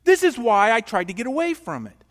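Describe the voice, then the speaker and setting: A man's voice: mid-range voice, expressive, takes it slowly, gravelly, voice pushed down, heavily acted. A man voicing the prophet Jonah as an indignant, bitter man complaining to God, in a reverberant hall.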